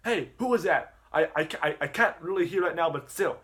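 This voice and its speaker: Guy doing a high loud teacher voice, yelling and cussing at the class. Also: expressive, fairly quick. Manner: yelling, swearing. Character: loud angry male teacher, shouts at class.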